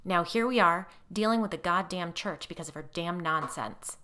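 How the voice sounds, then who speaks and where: A gruff, resentful older father who grumbles through every complaint, as a woman reads him aloud. The voice carries a gravelly rasp and a bright, forceful edge. It sounds like a storybook reading of a bitter man. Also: high voice, takes it slowly, voice pushed up, exaggerated voice.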